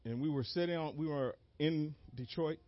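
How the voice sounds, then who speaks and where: A man preaching a sermon as an animated story, acting out moments with sudden shouted cries and laughing along. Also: on the high side, moderate pace, dry recording. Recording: dull lo-fi dry recording.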